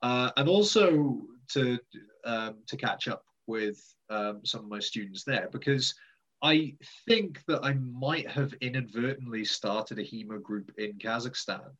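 A man's voice: medium pitch, unhurried, fairly bright tone, dull audio. A man in casual conversation as an interview guest, rambling and self-deprecating, with many fillers and restarts. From Britain.

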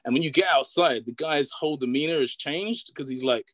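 Guy talking fast, lots of likes, dead dry mic. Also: a little high, fairly bright tone, dry recording. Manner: rapid, filler-heavy talk. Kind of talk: casual conversation.

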